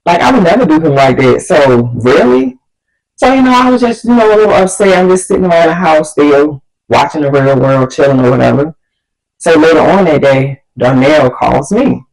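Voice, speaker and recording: A woman vlogger telling a story casually, animated and slangy, acting out the people she quotes. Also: deep voice, normal speed, poor audio.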